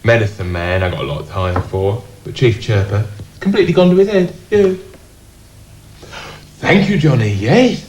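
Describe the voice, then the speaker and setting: An actor playing a rambling Cockney man in a surreal sketch comedy, who repeats himself and slips into squeaky high impressions. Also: lightly acted. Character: rambling Cockney man claiming film work. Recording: roomy echo.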